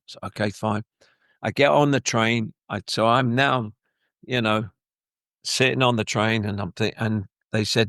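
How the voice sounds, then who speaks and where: An older man tells his stories in a loose, rambling way, slipping into other people's voices as he goes. His voice sits low, and the recording is dry and close. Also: measured pace, long pauses, dry recording. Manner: rambling, animated, acts out quoted voices. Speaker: former footballer, guest. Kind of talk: anecdotal interview storytelling.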